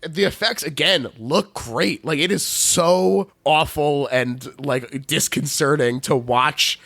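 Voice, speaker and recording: A man's voice: a little high, takes it slowly, creaky, fairly bright tone, no echo. A man with a Philadelphia accent hosting a podcast, recapping a horror film in a casual, laughing, profane way. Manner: laughs often, swears, playful recapping. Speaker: podcast host. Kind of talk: casual movie recap chat.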